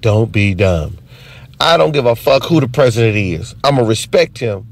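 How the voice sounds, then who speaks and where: A man in an unscripted comedy monologue, ranting in a profane, animated way. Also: medium pitch, moderate pace, gravelly.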